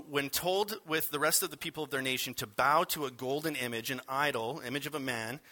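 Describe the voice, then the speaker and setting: Male pastor, bright tone, relaxed wry sermon delivery. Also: medium pitch. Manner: conversational, wry preaching with asides.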